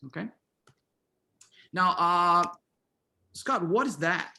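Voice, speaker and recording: A man's voice: on the high side, animated, slow pace, long pauses, bright, forceful tone. A middle-aged man leading an online pronunciation workshop over a video call, calling on students and repeating words back with frequent affirmations. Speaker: workshop instructor.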